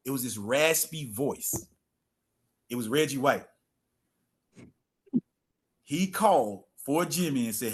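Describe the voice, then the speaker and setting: A man's voice: on the high side, lively intonation, normal speed, long pauses, sharp tone. A middle-aged man, a former football player telling stories as a guest in a casual interview and repeating phrases for emphasis.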